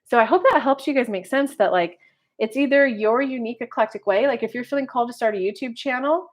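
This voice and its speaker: A woman tarot reader and life coach talks casually to her viewers. Her voice sits somewhat high, and she rambles in a chatty way with plenty of filler words. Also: quick pace. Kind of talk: casual horoscope video monologue.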